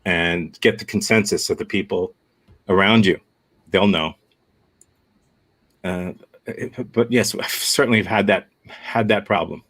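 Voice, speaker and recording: An American man teaching an improv workshop over a video call, answering a student's question in a thoughtful, frank way with many halting restarts. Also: low voice, fairly bright tone, husky. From United States.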